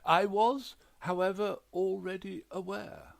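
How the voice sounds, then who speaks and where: Narrator voicing a fussy pompous widower, high-pitched and gravelly. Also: male voice, steady tone, slow pace, full character voice. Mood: defensive. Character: fussy, prim, pompous middle-aged widower.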